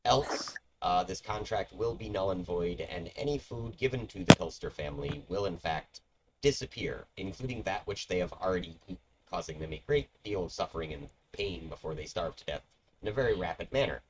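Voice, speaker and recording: A man's voice: low voice, animated, a little fast, noisy background. A man narrating as game master of a tabletop game, rambling with many fillers. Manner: meandering, filler-heavy narration.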